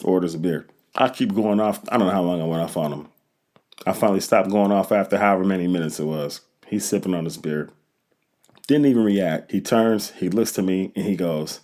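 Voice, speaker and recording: A man's voice: deep voice, brisk. A man hosting a solo podcast, telling a personal story in a casual, conversational way and acting out the people in it. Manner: storytelling, animated when retelling his rant. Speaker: podcast host.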